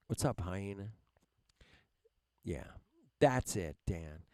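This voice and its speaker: A low-pitched, slightly mellow voice comes slowly, with long pauses, yet stays expressive as this livestream host rants at viewers. He's angry, heated and heavily profane, finishing phrases with "man." The sound has no echo.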